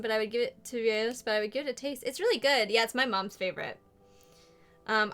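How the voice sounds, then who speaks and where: A bubbly young woman streaming a game, chatting and giggling with her viewers. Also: fairly high pitch. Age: young adult. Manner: bubbly, greets chat warmly, giggly. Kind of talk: casual live-stream chat.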